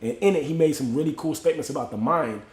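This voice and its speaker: Greeting viewers by name, a livestream host from Miami shares a motivational story in relaxed, slangy street language. His voice sits on the high side with a darkish tone, he talks quickly, and there's reverb in the audio.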